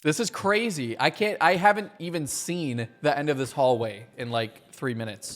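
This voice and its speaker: A man's voice: on the high side, animated, normal speed, hardly any pauses, a bit bright. A young man giving casual, joking gameplay commentary as a streamer, swearing and yelping when surprised. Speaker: gaming streamer.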